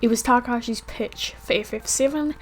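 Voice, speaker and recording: A woman chats her way through a video game stream in a casual, talkative way, laughing often. Her voice sits a little high, with a faint background hiss. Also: brisk. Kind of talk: casual gameplay commentary.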